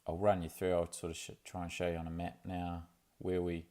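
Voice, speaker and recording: A man's voice: low voice, monotone, brisk, warm tone. A young man, talking in a laid-back, rambling way for his video diary, full of fillers and restarts. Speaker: vlogger.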